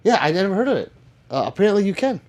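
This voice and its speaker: A man's voice: high-pitched, big pitch swings, rapid-fire, darkish tone. A man chatting casually on a live stream, reading viewer comments aloud and answering them with jokes and swearing.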